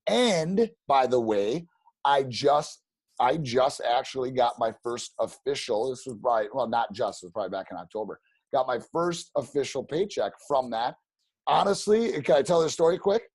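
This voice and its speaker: A man telling stories as a podcast guest, animated and rambling, with many restarts. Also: medium pitch, moderate pace, slightly rough, no echo. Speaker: podcast guest, real estate agent. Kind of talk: casual storytelling interview.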